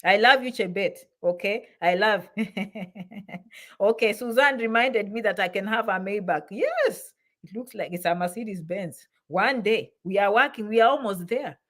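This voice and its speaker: A woman's voice: mid-range voice, moderate pace, fairly bright tone. A middle-aged woman hosting an immigration advice live stream, talking emphatically to her viewers, repeating herself and breaking off for affectionate asides. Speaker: immigration advice channel host.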